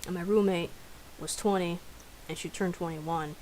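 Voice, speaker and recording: A woman's voice: on the low side, fairly even intonation, moderate pace, a little mellow, slight background noise, poor audio. A young woman telling stories casually on a live stream, chatty and profane, laughing often.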